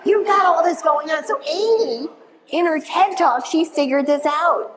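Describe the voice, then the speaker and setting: Casting: upbeat middle-aged woman, high voice, keynote speaker working a live room. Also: a little slow, some chatter behind. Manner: energetic, animated, engages the audience with questions. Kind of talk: motivational keynote talk. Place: conference room before a live audience.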